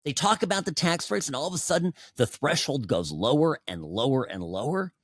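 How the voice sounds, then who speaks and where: Male talk host, 40s, sarcastic and chatty, very expressive pitch, dry close sound. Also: fairly quick, breathy edge, no echo. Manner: animated, sarcastic, conversational with frequent asides. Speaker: political talk show host. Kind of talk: opinionated political commentary.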